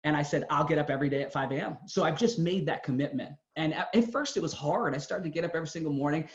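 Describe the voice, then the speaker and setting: A man with a fairly high voice gives an earnest motivational talk, pressing his points with emphasis as he tells his own story. The sound is dull and lo-fi. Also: quick pace, reverberant. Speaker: motivational speaker.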